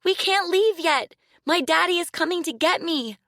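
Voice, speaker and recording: A woman voicing a frightened little girl locked in a cage, crying out in high, pleading cries. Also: moderate pace, pushed and bright, no room sound, clean studio sound, heavily acted. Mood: screaming, desperate.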